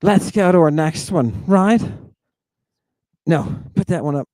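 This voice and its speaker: A middle-aged man giving a provocative lecture, confrontational and insulting, swinging between loud jabs and low mutters. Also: expressive, slow, no room sound.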